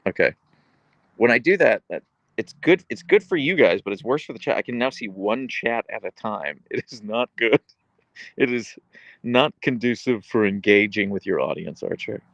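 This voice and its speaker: A man's voice: lowish voice, expressive, normal speed, creaky, fairly bright tone, dry recording, highs cut off. A man live streaming from his phone on an outdoor couch, reading chat aloud in a wry, rambling way.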